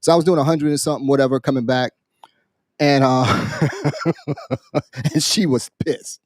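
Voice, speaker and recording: A man, a military veteran, on a podcast, casually telling a story in an animated, profane way and acting out the people in it. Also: mid-range voice, unhurried, dry recording, clean studio sound. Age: adult, military veteran. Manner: animated, profane, acts out quoted voices. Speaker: podcast co-host.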